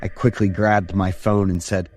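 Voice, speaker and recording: A man's voice: low-pitched, flat delivery, normal speed, a little mellow. A man in his thirties telling a scripted first-person horror story in a casual, slangy way. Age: 30s. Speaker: narrator. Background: background music.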